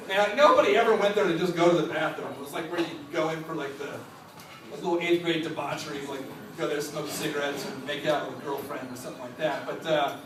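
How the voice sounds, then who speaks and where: A man telling a funny story to a live audience, animated and laughing, acting out other people's voices. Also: a little high, recorded from a distance, slight background noise. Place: stage before a live audience. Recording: echoey hall, voice from off mic.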